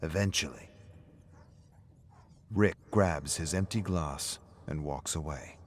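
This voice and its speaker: A man reading scripted story narration in a measured way. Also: a bass voice, a little hiss or hum.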